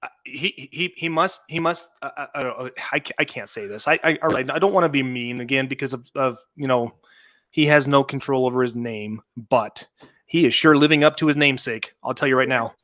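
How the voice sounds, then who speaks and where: A man hosting a casual podcast talk about a legal case, animated and laughing often, with many restarts. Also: mid-range voice, a little fast, dry recording, studio quality. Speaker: podcast host.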